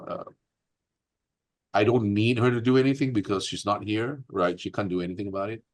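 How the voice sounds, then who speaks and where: Deep-voiced man telling a grievance. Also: brisk. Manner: earnest, aggrieved, many fillers and restarts. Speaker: interview guest. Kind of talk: candid personal storytelling.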